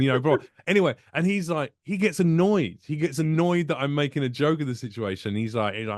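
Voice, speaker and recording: Fast-talking and nearly pause-free, a man from the United Kingdom with a medium-pitched voice guests as a comedian. The clean studio audio has no room sound as he animatedly jokes through anecdotes, voicing the people involved.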